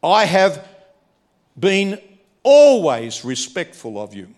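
A man acting out a resentful, furious young elder son who shouts indignant complaints. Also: mid-range voice, lively intonation, a little fast.

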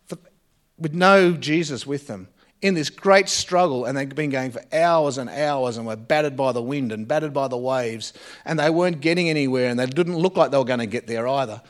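A man preaching a sermon, earnest, with frequent pauses and phrase endings that drop soft. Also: mid-range voice. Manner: earnest, pausing often and dropping softly at phrase ends.

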